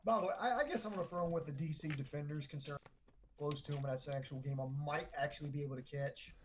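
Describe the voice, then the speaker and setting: Calm man chatting on a podcast. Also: a little high, racing, a little hiss or hum. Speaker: podcast co-host. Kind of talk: casual sports chat.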